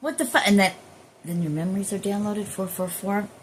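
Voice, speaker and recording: A woman's voice: medium pitch, brisk, slight background noise. A woman who works as a spiritual healer, rambling in a casual spiritual monologue with drifting, profane asides.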